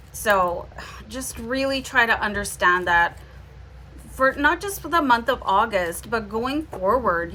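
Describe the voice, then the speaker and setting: A woman's voice: mid-range voice, pushed and bright, a little hiss or hum. A woman with a Canadian accent giving a casual, reassuring tarot reading, often checking in with "okay?". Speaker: tarot reader.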